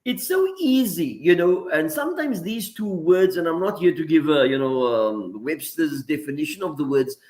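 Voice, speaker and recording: A man's voice: a little high, expressive, moderate pace, few pauses, darkish tone. A man speaking as the regular guest on a talk segment, earnest and a bit preacherly, working through everyday examples. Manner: earnest, preacherly, gives examples, uses Arabic phrases. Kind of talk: radio talk segment, reflective commentary.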